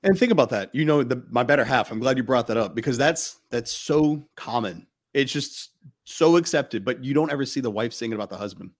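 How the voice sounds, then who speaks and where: A man's voice: mid-range voice, animated, a little fast. Blunt, emphatic male podcast host. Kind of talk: casual podcast conversation.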